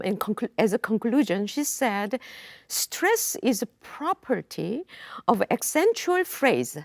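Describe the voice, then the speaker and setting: Slow, gravelly-voiced woman panelist. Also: mid-range voice, no room sound, studio quality. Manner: thoughtful, measured, with frequent ums and soft laughs. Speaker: roundtable panelist. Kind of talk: panel discussion. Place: video studio.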